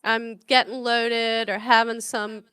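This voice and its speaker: A woman's voice: a little high, flat delivery, slow pace, bright, forceful tone, smooth, dry recording. A middle-aged woman hosting a comedy podcast, talking frankly and chattily in a casual monologue and laughing often. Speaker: podcast host.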